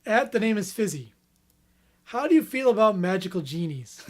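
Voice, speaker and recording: A man's voice: high voice, sing-song, normal speed, a little mellow. Easygoing male podcast co-host. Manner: easygoing, reads out fan questions with lots of fillers. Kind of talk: casual comedic chat.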